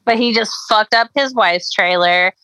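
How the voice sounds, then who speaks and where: A woman chatting casually, cutting in with quick, blunt, teasing remarks. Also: medium pitch, sharp tone, clear, resonant tone, no echo, rough recording. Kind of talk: casual chat.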